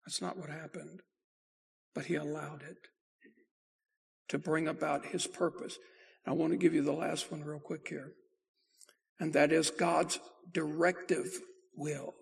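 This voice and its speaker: A man preaching a sermon as pastor, folksy and emphatic, slowing down to stress repeated words. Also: fairly high pitch, little pitch movement, creaky.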